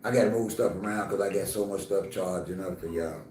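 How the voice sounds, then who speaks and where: A man's voice: deep voice, fairly quick, darkish tone, echoey room, a little hiss or hum. A man hosting a casual livestream, talking straight to his chat in a blunt, scolding, streetwise way. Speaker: livestream host.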